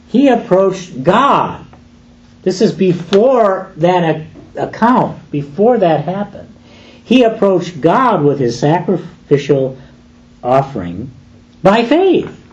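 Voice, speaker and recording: A man's voice: a little high, a little mellow. A man preaching a sermon, emphatic and full of rhetorical questions, on a dull lo-fi recording.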